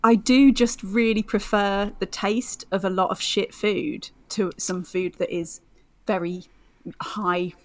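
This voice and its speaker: Young woman on a podcast, chatty, lots of "like" and "um", mid pitch. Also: steady tone, slow. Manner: chatty, laughing, many fillers. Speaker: podcast co-host. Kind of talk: casual chat.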